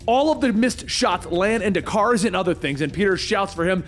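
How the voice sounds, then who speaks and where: Lively man narrating a comic story. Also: high-pitched, moderate pace, shouting, soft background music. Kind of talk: comic book recap narration.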